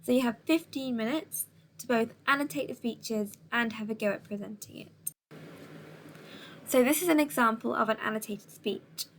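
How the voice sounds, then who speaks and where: A woman teacher recording a remote lesson, giving clear, patient step-by-step instructions with the odd "um" between them. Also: a little high, normal speed, a bit bright, slight background noise.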